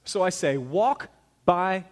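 A pastor preaching a sermon in a church, talking to the congregation in a conversational way that swings from loud emphasis to quiet asides. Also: male voice, sits high, expressive, slow pace. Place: church sanctuary.

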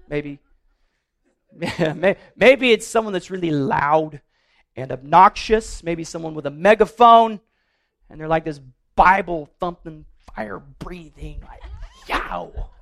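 A pastor with a notably high voice preaches to his congregation. He talks earnestly but loosely, trips over and repeats words as he goes, and slips in playful humor. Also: gravelly, fairly bright tone. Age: adult, married. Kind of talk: sermon.

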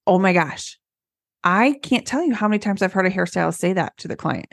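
A woman's voice: mid-range voice, a little fast, vocal fry, no echo. Chatty woman hairstylist, dry sound. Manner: lively storyteller, acts out peppy voices. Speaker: podcast co-host, hairstylist. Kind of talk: casual chat.

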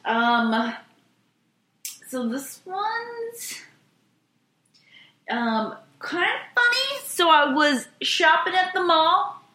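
A young woman in casual chat, joking and chiming in quickly. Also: extremely high pitch, very animated, sharp tone, roomy sound.

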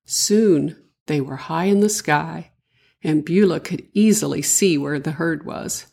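An older woman, a grandmother, narrating a children's story in a gentle, sing-song way with a breathy voice. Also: sits low, unhurried.

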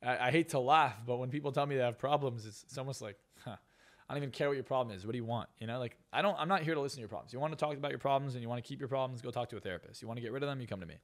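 A man, a hypnotist and success coach, telling boastful stories as a podcast guest. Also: medium pitch. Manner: fast, boastful storytelling. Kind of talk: casual podcast interview.

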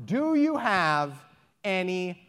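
A woman voicing a patient, wise male rabbi who speaks in a reassuring, steady way, as part of a story told aloud. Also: on the low side, slow pace, pitched below the performer's own voice, exaggerated voice. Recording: echoey hall.

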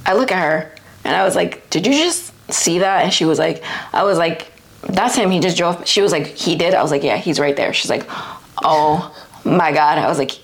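Lower-voiced woman telling a story. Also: animated, vocal fry. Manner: laughing, quick agreeing interjections. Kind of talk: casual chat.

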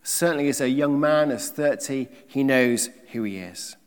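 A man preaching a sermon, emphatic, with rhetorical questions and swings between loud and soft delivery. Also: mid-range voice, normal speed, smooth, big-room sound.

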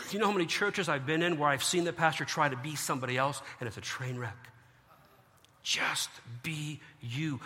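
A man preaching a lively sermon, joking and acting out the people of the story. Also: high voice, big-room sound. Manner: animated, joking, acts out biblical figures. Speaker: pastor.

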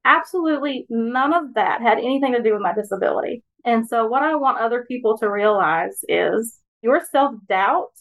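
A woman speaks in an earnest, steady way as a podcast guest. Her voice sits a touch high, and her tone stays encouraging. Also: moderate pace, hardly any pauses, dull audio. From Alabama, US. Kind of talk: personal reflection in conversation.

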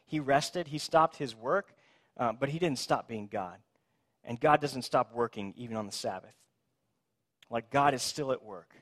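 A man preaching a sermon, telling the scripture story in a conversational, animated way and acting out the people in it. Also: mid-range voice, measured pace. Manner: conversational, asks "right?".

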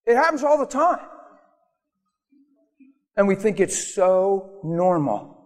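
A male pastor delivers an animated sermon, slipping into different voices to act out little everyday scenes. His voice sits a bit high for a man. The sound hangs in a long, reverberant church hall. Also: normal speed, long pauses.

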